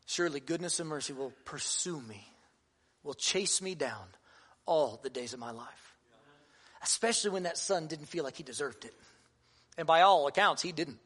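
High-voiced male pastor preaching. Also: lively intonation, moderate pace, fairly bright tone, slightly rough. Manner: earnest, conversational preaching with humor. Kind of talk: sermon.

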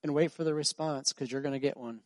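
A man preaching a sermon, telling a story and building to loud, emphatic preaching. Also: on the high side, steady tone, fast, no room sound, studio quality. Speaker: pastor.

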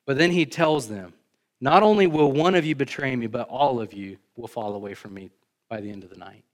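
Emphatic man preaching a sermon. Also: brisk. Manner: emphatic, rising for stresses, then dropping low; conversational, joking asides to the congregation. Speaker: pastor.

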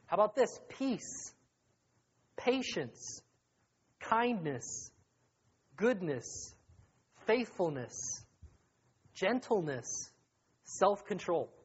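A young adult man preaching as a youth pastor in a casual, joking, conversational sermon that rises to excited emphasis. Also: high-pitched, breathy edge. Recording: dull lo-fi recording.

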